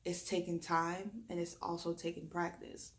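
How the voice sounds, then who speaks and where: Deep, raspy Southern woman with a lisp. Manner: talks fast when excited, deliberately slowing down. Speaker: reiki practitioner and podcaster. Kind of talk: spoken reflection during a reiki session.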